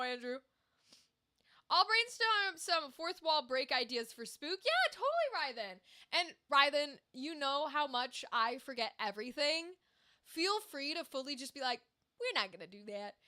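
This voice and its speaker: Young woman, high voice, game stream host, rambling casual chat with viewers. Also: bright, forceful tone. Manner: chatty and rambling, talks straight to chat. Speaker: livestream gamer and host.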